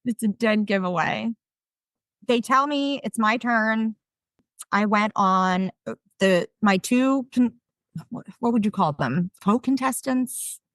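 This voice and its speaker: A woman in her thirties with a South Jersey accent, a podcast guest telling stories in an animated, self-deprecating way. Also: fairly high pitch, takes it slowly, no echo. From South Jersey, USA. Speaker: podcast guest, game show winner. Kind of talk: casual storytelling interview.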